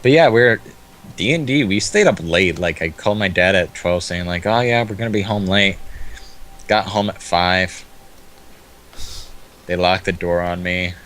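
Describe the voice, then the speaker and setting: A man's voice: low voice, unhurried, pauses often, a bit bright. A man chatting casually beside a friend's gameplay, telling rambling stories and cracking jokes. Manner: joking, rambling storyteller. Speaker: co-commentator. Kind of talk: casual chat over gameplay.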